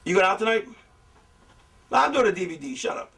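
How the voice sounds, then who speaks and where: A middle-aged man with a high-pitched voice tells stories in a loose, profane, animated way. He acts out what other people said as he goes. The mic sits a little away from him. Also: brisk, gravelly, recorded from a distance. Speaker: veteran wrestler explaining booking. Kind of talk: casual storytelling.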